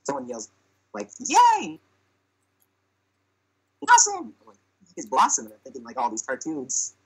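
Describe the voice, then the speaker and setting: A young man tells a comic anecdote on a podcast in a loose, chatty way, full of fillers. His voice is bright and has a husky edge, and he acts out the lines he quotes. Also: medium pitch, brisk, rough recording. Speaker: podcast storyteller. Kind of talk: casual comic storytelling.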